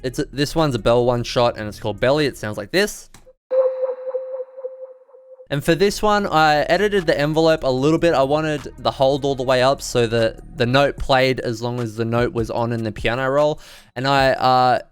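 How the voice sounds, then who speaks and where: A man's voice: mid-range voice, moderate pace, smooth. A young man, a music producer, casually walking through how he built a melody in a beat-making tutorial. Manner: relaxed, explanatory, casual phrasing.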